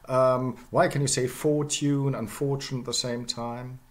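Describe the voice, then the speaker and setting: A man's voice: medium pitch, little pitch movement, moderate pace. A middle-aged man giving a university lecture, repeating example words over and over and checking in with "yeah?" and "okay?".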